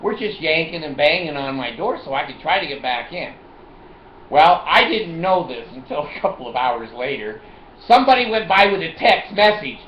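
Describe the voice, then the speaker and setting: A man recounts a personal story in a vlog, acting out each exchange with laughs and curses. His voice sits fairly high and swings widely in pitch. The recording is muffled and lo-fi, with a roomy echo. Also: moderate pace, a little hiss or hum. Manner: animated, acts out dialogue, laughs and swears. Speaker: vlogger. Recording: echoey, dull lo-fi room recording.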